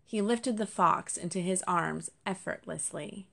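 A woman narrating a storybook with an expressive, measured reading. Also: lowish voice, creaky.

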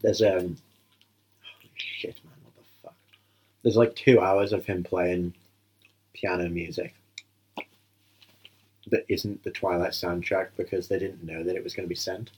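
A man's voice: low voice, flat delivery, normal speed, long pauses, darkish tone, slightly rough. A man co-hosting a casual film commentary, joking crudely and rambling as he watches.

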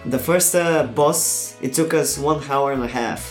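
A man's voice: fairly high pitch, measured pace. Male podcast co-host, crude teaser, echoey room with faint music. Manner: crude teasing, swears freely. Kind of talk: casual podcast banter.

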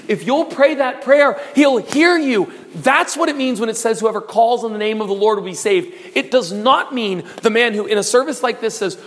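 A man's voice: very high voice, expressive, normal speed. A man in his forties preaching a sermon, fervent and rising to impassioned pleas. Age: 40s. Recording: echoey hall reverb.

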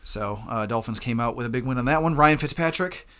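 A man's voice: medium pitch, a little fast, pushed and bright. A young man co-hosting a casual fantasy football podcast, chuckling often as he reads out stats. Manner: laid-back, chuckling, reads stats aloud. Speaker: podcast co-host.

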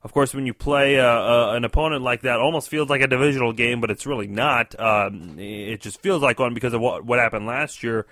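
A man calling in to a sports show, talking through his opinions with a bright, forceful tone. He hesitates a lot and restarts his sentences. The sound is dry and close, with no room around him. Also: medium pitch, a little fast, few pauses, no room sound. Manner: hesitant, many fillers and restarts. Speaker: caller, fellow show host. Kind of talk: casual phone-in sports commentary.

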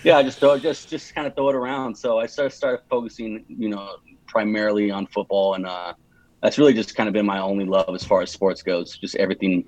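A man's voice: on the low side, fairly even intonation, fairly quick, a little mellow. A young man from California in his twenties, chatting as an interview guest, rambling with many restarts and fillers. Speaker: podcast guest. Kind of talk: casual interview chat. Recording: dull lo-fi sound.

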